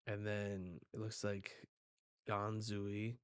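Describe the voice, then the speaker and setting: A man hosts a casual live reaction, reading each panel aloud and adding quick remarks. His voice sits a bit low and moves at an unhurried pace. The sound is dry and close. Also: completely flat delivery, clear, resonant tone, dry recording. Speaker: manga reaction host.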